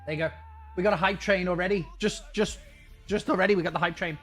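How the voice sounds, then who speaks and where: Streamer guy kinda high voice, rambly and self-mocking, faint music behind. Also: steady tone, quick pace, a bit bright. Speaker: game streamer. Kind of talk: casual chat with viewers.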